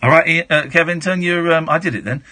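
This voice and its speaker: A man in his forties with an English accent hosts a late-night radio phone-in, chatting frankly and often restarting his sentences. His voice is a little high, quick, and sharp in tone, picked up by a studio mic.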